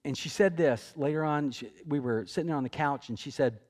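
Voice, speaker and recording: Chatty pastor, man, slightly high voice. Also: fairly quick, a little mellow. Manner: conversational, storytelling with asides and restarts. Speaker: senior pastor. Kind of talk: sermon. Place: church auditorium.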